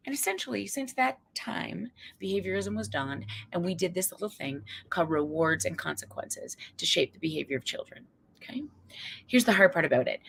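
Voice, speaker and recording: Animated woman speaker, lively and forceful. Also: fairly low pitch. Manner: animated storytelling, acts out quoted voices, humorous asides; conversational, checks in with the audience. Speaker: psychologist and keynote speaker. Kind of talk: lively keynote talk to parents and educators.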